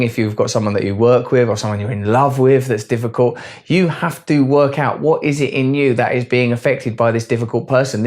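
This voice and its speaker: A man giving a rambling, earnest, philosophical monologue on self-help. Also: medium pitch. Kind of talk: reflective monologue.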